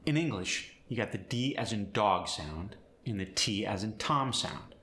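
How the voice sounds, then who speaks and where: A man teaching pronunciation as an accent coach, demonstrating sounds in an animated, hands-on way. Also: lowish voice, measured pace, few pauses, reverberant. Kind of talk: instructional pronunciation tutorial.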